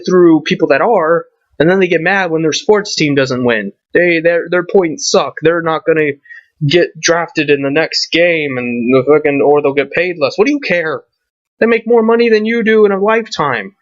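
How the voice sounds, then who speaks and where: A man's voice: fairly high pitch, normal speed, no room sound. Ranting, swearing man, lo-fi sound. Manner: swearing, ranting, rhetorical questions. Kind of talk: profane rant to camera. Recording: dull lo-fi recording.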